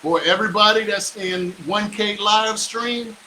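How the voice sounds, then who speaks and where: A man's voice: high voice, steady tone, unhurried, background noise. A middle-aged man talking on a live stream as a real estate investor, boastful and fired up, preaching like a motivator.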